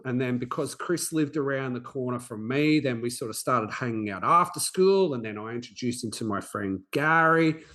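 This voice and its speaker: A man's voice: medium pitch, a bit bright. A man, hosting a podcast and telling a personal story in an earnest, reflective way with frequent restarts. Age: 40s. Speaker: podcast host.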